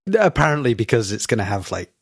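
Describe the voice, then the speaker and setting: A man with a Scottish accent trades wry, deadpan jabs in a casual podcast chat. His voice sits at an ordinary middle pitch. The recording is dry and close, with no room echo. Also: quick pace, vocal fry. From Scotland. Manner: dry, wry teasing delivery. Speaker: podcast co-host.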